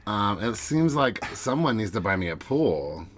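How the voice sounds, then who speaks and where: A man co-hosting a podcast in casual chat from a small closet, chatty and quick to laugh. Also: on the low side, sing-song, a bit bright. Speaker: podcast co-host.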